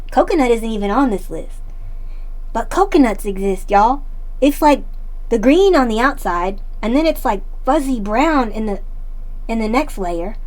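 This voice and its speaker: Chatty woman streamer, slightly high voice. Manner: chatty and playful, answers chat, laughs often. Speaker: live streamer. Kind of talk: casual live-stream chat.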